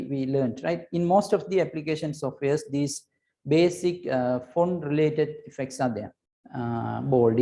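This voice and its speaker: A male teacher walks through a lesson step by step with a mellow, darker tone. He repeats key points and keeps checking that students follow, with a steady, patient delivery. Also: medium pitch. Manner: patient, repetitive explaining with frequent checks like "right?" and "okay". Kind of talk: recorded computer lesson.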